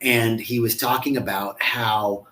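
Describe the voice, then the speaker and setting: A man's voice: medium pitch, fairly even intonation, measured pace, fairly bright tone. A man hosting a live stream in a casual, effusive way, greeting viewers by name and often stumbling over and repeating words.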